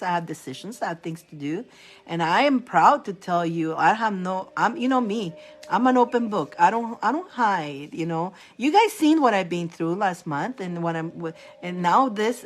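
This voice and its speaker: A woman, chatting casually on a live stream as a spiritual reader, animated and laughing often. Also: medium pitch.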